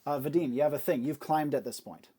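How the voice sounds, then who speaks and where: A man's voice: on the high side, fast, warm tone, slightly rough. A man narrating a tabletop game as game master, describing the scene with frequent fillers.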